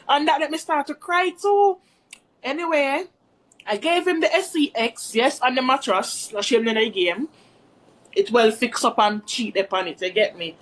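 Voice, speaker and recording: Brief: high-pitched woman vlogger, casual rambling storytime, chatty with her viewers. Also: normal speed.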